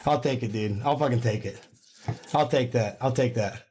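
A man streaming his gambling live, reacting with excitable, profane bursts of exclamation. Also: mid-range voice, normal speed, slight background noise. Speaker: gambling livestreamer.

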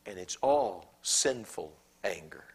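A Southern American pastor preaching a sermon in a church, swinging from loud, emphatic lines to hushed, near-whispered quotes. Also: male voice, sits low, lively intonation, slow pace, husky. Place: church sanctuary.

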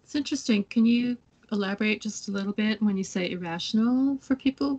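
A woman in a casual spiritual discussion, rambling and acting out quotes in excited voices. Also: mid-range voice, a little fast, lo-fi sound. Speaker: co-host.

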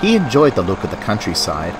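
A man narrating a children's storybook tale about engines in a gentle, expressive way. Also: on the low side, fairly quick. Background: music.

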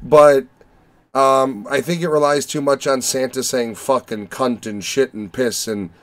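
A young man from the Chicago area, hosting a casual movie podcast and talking in a profane, rambling, animated way. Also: medium pitch, measured pace. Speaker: podcast host reviewing movies. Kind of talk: casual chat.

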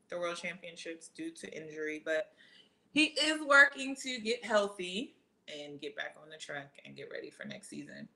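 A woman athlete answering viewer questions in a casual, excitable chat, full of "um" and "like.". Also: mid-range voice, poor audio. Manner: animated, excitable, many fillers.

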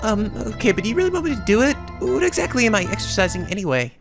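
A man's voice: high-pitched, very animated, racing, vocal fry, over music, voice pushed up, full character voice. A man voicing a shy, timid young man who sounds girlish, meek and pleading, close to tears.

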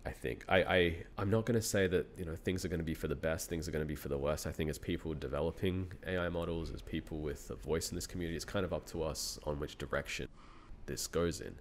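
A man's voice: a bass voice, fast, hardly any pauses, a little hiss or hum. A man in his thirties with an Australian accent, a university researcher talking as a guest in a casual interview, thinking aloud and laughing often.

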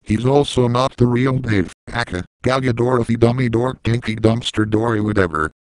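Flat-voiced man giving a dry rant. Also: medium pitch, moderate pace, no echo, rough recording. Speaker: YouTube ranter. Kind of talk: scripted rant.

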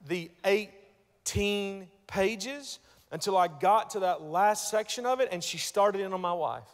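Guy pastor preaching, kinda high voice, stutters on starts, goes quiet then loud, big church echo. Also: measured pace. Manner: storytelling, repeats words when starting, swings from hushed to loud. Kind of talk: sermon. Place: church sanctuary.

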